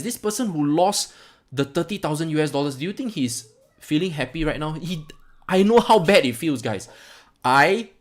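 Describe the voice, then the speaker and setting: A man talking straight to his viewers in a heated, emphatic rant. His voice sits a little high for a man, and he hammers points home by repeating words as he swings from calm explaining to agitated outbursts. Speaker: crypto channel host.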